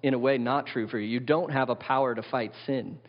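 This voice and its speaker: A male pastor preaching a sermon in an animated way, often putting questions to his congregation. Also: medium pitch, fairly quick. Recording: dull lo-fi sound with long hall reverb.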